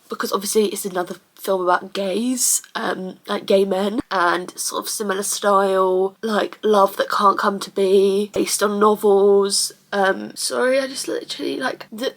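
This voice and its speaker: A woman's voice: mid-range voice, a bit bright. A woman vlogging in a casual confessional way, rambling emotionally with lots of fillers.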